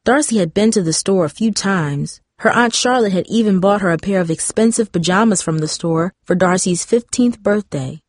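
A woman reading a young-adult novel as audiobook narrator, in steady, even scripted narration on a close mic. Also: medium pitch, moderate pace, hardly any pauses, dry recording.

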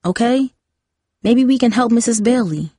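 Caring teen girl, soft and urging, read by a woman. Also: on the high side, lively intonation, normal speed, no room sound, studio quality, voice pushed up. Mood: gentle. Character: caring teenage girl, steady friend.

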